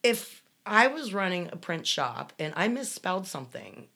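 A woman's voice: lowish voice, big pitch swings, moderate pace, gravelly, pushed and bright, slightly rough. A woman from the Pittsburgh area co-hosting a casual chat, telling a story with incredulous sarcasm.

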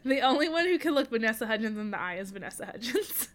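A woman's voice: on the high side, lively intonation, fast, a bit bright. A young woman co-hosting a podcast in casual chat, chatty and giggly, sometimes trailing off. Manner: chatty, giggly, trails off while searching for words. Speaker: podcast co-host.

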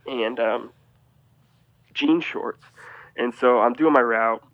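A man telling a rambling, animated story as a guest on a casual podcast, often restarting his sentences. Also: medium pitch, slow, no echo, dull audio.

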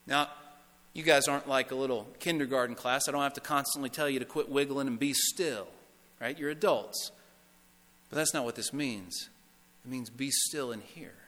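A man preaching a sermon as pastor, emphatic, repeating phrases and dropping to a hush on key words. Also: medium pitch, normal speed, in a large hall. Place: church sanctuary.

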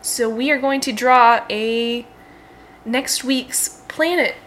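A woman's voice: on the high side, steady tone, slow pace, a bit bright. A young woman hosting and narrating a choose-your-own-adventure game, playful and laughing often. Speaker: host and story narrator.

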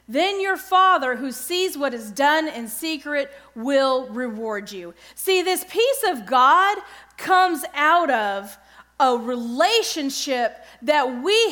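A middle-aged woman giving an earnest devotional Bible teaching, often pausing to check in with her listeners. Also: high voice, a bit bright. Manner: earnest, keeps checking in with "okay?".

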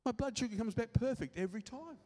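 A man preaching with a high voice that swings widely in pitch. He gets excited and rushes his words, and his voice rings out in a church hall with a long, trailing reverb. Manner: excitable, fast-talking preaching. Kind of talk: sermon.

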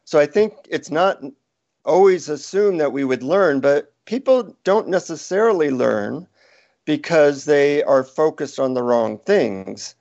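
A man's voice: on the high side, a little slow. A man guest on an interview show, chatting casually and telling anecdotes. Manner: storytelling, animated when quoting. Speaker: author guest. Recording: dull lo-fi sound.

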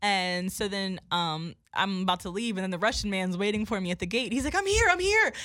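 Fast-talking animated woman storyteller. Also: medium pitch, no echo. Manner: animated, swearing, acting out quotes. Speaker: podcast co-host telling a story. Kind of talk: casual storytelling chat.

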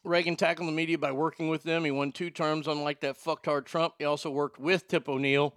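A man's voice: a little high, flat delivery, fairly quick, fairly bright tone, smooth, no echo, studio quality. A man hosting casual political commentary, blunt and profane, reacting to viewer comments. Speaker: political commentary host reading chat.

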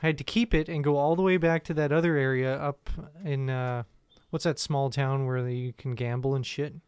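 Giggly, profane man with a smooth voice. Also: mid-range voice, steady tone, normal speed, no echo. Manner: rambling, profane, laughs through his stories. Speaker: podcast co-host. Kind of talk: casual comedy podcast chat.

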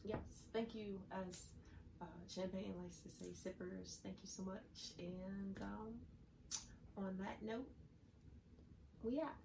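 A woman's voice: medium pitch, fairly even intonation, takes it slowly, vocal fry, long pauses, noisy background. A young woman with a Southern US accent co-hosting a podcast in casual chat, laid-back and playful. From American South. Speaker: podcast co-host. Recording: echoey room, distant mic.

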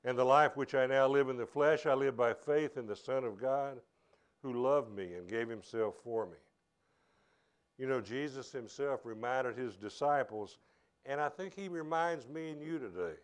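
A man's voice: mid-range voice, a little slow, clean tone. A man preaching a sermon as pastor at a church service, earnest and conversational, often restarting his phrases.

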